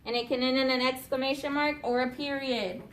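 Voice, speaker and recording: High-pitched teacher lady, patient classroom grammar lesson, keeps asking the kids if they get it. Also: steady tone, a little fast, fairly bright tone, slight background noise. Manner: patient, checks understanding with frequent "okay?" and "right?". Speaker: elementary school teacher.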